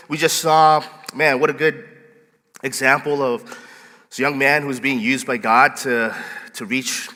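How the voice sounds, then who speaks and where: Guy pastor preaching, animated storyteller, bright voice ringing in a big echoey church. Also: mid-range voice. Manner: playful, animated storyteller who acts out scenes. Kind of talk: sermon with storytelling. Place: church sanctuary.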